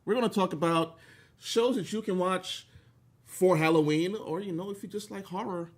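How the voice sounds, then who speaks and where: A man's voice: sits high, moderate pace. A man hosting a casual chat show, talking in a dry, blunt and sarcastic way. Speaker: podcast host.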